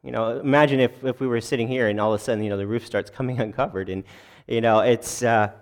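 A man preaching a sermon to a congregation in a conversational, halting way, with many restarts, asides and small jokes at his own expense. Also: mid-range voice, fairly even intonation. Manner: self-deprecating jokes to the congregation. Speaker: pastor.

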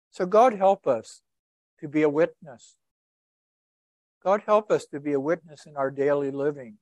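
A man's voice: a little high, dry recording. A male preacher giving a sermon and closing prayer, emphatic and repetitive in his phrasing.

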